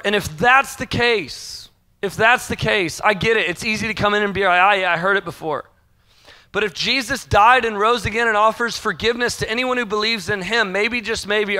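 Male pastor, sermon, high and bright tone, chatty preaching that voices listeners' doubts. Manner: conversational preaching, acts out quoted inner voices.

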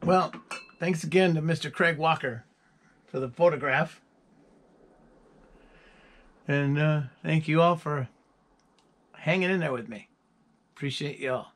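A man's voice: on the high side, unhurried, pauses often, a bit bright. A musician chatting casually to his viewers, rambling through stories with chuckles. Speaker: musician presenting his album.

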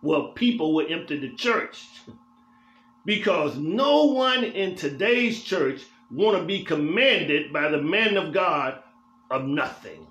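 A man's voice: a little high, lively intonation, takes it slowly, a bit bright. A male pastor teaching a Bible study in a church, speaking emphatically and repeating phrases for weight in a preaching cadence. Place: church sanctuary. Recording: roomy church echo.

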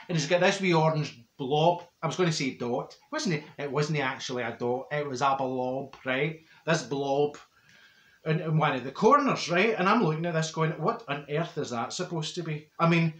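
A man's voice: on the high side, fairly bright tone. Comic character: a man as a straight-talking middle-aged Glasgow woman, broad Glaswegian, raised voice, echoey room. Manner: blunt, gossipy, laughs often, broad Scots words. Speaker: comedy character monologue. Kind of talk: comic storytelling monologue. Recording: roomy echo.

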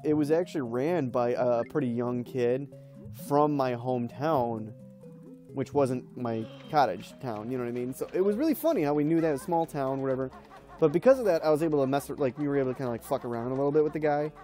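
Young man, gameplay commentary, rambling, lots of ums and laughs, mellow tone, soft music behind. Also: medium pitch, fairly quick. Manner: rambling, laughing storyteller with many fillers. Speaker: let's play host.

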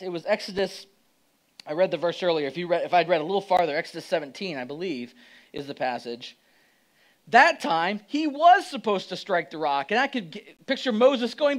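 High-voiced, animated male pastor. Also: moderate pace, low-quality recording. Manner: conversational, animated, acts out quotes. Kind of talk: sermon.

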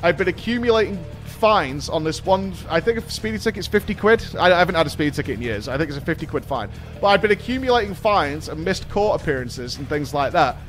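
High-voiced British man telling a story. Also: fast talker, hardly any pauses, faint music behind. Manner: animated, swears freely, laughs at his own story. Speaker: streamer. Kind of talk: casual storytelling to a live stream chat.

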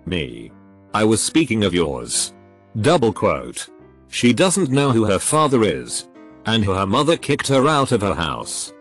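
A low-pitched man narrates reader stories in a scripted read, yet his pitch swings widely from line to line. He speaks the punctuation marks aloud in a flat delivery. Faint music plays underneath. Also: unhurried. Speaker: narrator reading posts aloud.

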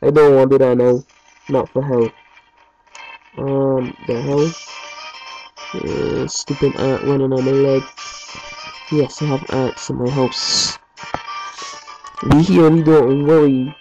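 A man's voice: medium pitch, a little slow, long pauses, dark tone. A man giving rambling, chatty gameplay commentary as a let's play host from his home basement, with mild swearing. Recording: muffled lo-fi recording over game music.

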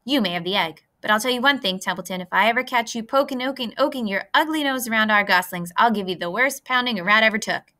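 A woman reading aloud voices a brave male gander who threatens loudly. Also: on the high side, fast, few pauses. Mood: threatening. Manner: loud and threatening.

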